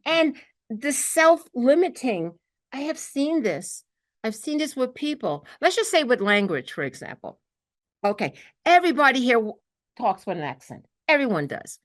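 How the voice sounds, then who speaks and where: Speaking in a high, very animated voice at a moderate pace, a New York woman with a Brooklyn accent leads a group through an earnest spiritual talk. As their teacher, she sprinkles in frequent "okay"s and performs the quotes she relays.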